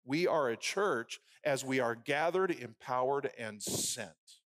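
Male preacher, sermon, lively rising and falling pitch, dry close sound, hushed-to-loud delivery. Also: no room sound. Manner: swings from loud emphasis to hushed prayerful murmur; rhythmic lists with pauses between phrases.

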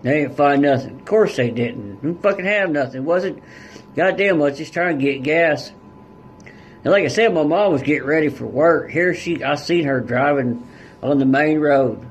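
A man's voice: a little high, moderate pace, a little hiss or hum. A man guest on a podcast telling a story in a casual, blunt way, with heavy swearing and rural turns of phrase. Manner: blunt and heavily profane, rural dialect.

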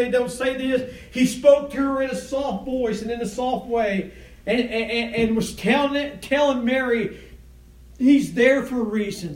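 A man preaching a sermon in a chanting cadence, tagging lines with "huh?" and swinging from low murmurs to shouted peaks. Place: church. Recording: echoey room from far off.

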